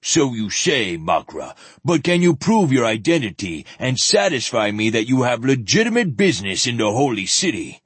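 A man's voice: medium pitch, very animated, moderate pace, hardly any pauses, slightly rough, no echo. A man voicing a pompous, self-important male zealot who blusters arrogantly and rises to a half-shriek.

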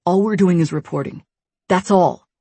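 A woman voicing a stunned young man asking bewildered questions in a husky voice. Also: on the low side, normal speed, mellow, dry recording.

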